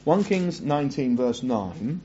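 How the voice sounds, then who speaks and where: Husky lo-fi preacher man. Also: mid-range voice, measured pace. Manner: animated, asks the listeners questions, reads scripture aloud in a hushed voice. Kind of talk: sermon. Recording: dull lo-fi recording.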